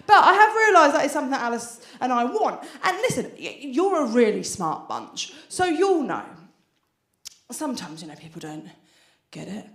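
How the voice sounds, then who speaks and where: Lively British woman doing stand-up. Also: high-pitched, moderate pace, echoey room. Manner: chatty, conspiratorial asides to the crowd. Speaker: stand-up comedian. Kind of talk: stand-up comedy routine. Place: theatre stage before an audience.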